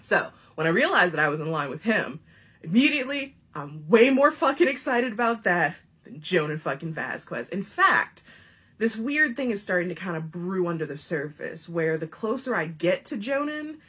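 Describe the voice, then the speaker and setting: A woman in her thirties telling a funny personal story in a casual, profane, animated way, often laughing as she talks. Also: lowish voice, normal speed, breathy edge. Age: 30s.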